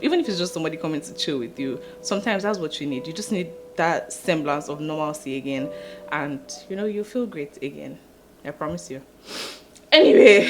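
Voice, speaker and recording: A young woman, hosting a casual talk to camera about motherhood, expressive and quick to laugh, repeating words for emphasis. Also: fairly low pitch. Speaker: podcast host and mother.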